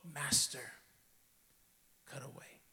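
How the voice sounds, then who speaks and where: A man's voice: medium pitch, steady tone, takes it slowly, bright, forceful tone, long reverb tail. A man voicing a humble, devoted male bamboo plant in a told story, trembling and whispering. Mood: whispered surrender.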